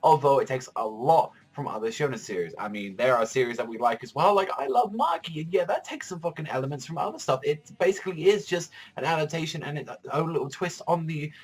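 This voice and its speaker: A man's voice: a little high, expressive, fast talker, hardly any pauses, breathy edge. A young man reviewing a manga chapter in a casual, rambling way, swearing often and filling his talk with "like". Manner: rambling, profane, heavy use of filler "like".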